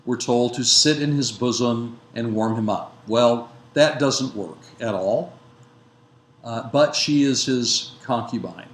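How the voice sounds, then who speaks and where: Slow, deliberate male lecturer in a roomy space. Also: mid-range voice. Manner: measured, with frequent fillers and self-corrections. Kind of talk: lecture retelling a biblical narrative. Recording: roomy echo with faint background noise.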